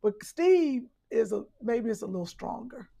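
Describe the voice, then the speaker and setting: A woman with a Cleveland accent co-hosting a casual podcast, teasing the others and reacting with loud exclamations. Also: on the high side, expressive, normal speed, creaky. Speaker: podcast co-host. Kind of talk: casual chat.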